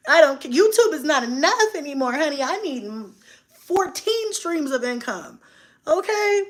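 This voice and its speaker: Blunt, laughing woman vlogger. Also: high-pitched. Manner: blunt, profane, laughing often. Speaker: vlogger on a live stream. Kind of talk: casual live-stream chat.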